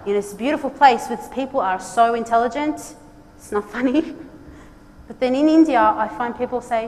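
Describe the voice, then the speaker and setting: A woman giving a lively, direct conference presentation to a trade audience, urging them on with playful asides. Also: a little high, moderate pace. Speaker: design speaker at a trade congress. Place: large conference hall. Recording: long hall reverb, faint background noise.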